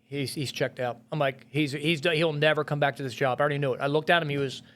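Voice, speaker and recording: A man's voice: fairly high pitch, steady tone, fast talker, a bit bright. Profane middle-aged man telling a raw story. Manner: blunt and profane, heavy swearing and filler words. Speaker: podcast guest, firefighter and police officer. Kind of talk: raw storytelling in a podcast interview.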